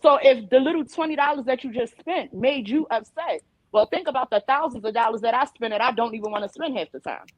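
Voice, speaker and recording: Woman panelist, casual and animated storyteller, slightly high voice, close dry mic. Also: fast, few pauses, no echo, rough recording. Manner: animated storyteller who acts out quoted dialogue. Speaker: panelist and mother.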